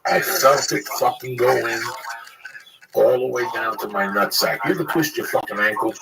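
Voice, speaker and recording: Man, from Cuba, profane animated storyteller, distant mic, noisy recording. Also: mid-range voice, normal speed, creaky. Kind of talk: casual profane chat. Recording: distant mic, loud background noise.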